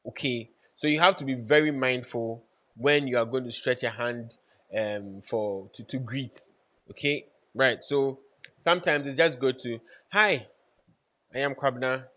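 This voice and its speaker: A man's voice: medium pitch, a bit bright. A man giving networking advice to camera, emphatic, repeating key points and checking in with his listeners. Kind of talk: casual instructional talk to camera.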